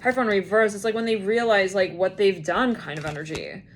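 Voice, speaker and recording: A woman's voice: mid-range voice, a little fast, background noise. A woman giving a casual tarot reading, rambling and acting out imagined scenes in quoted voices. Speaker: tarot reader.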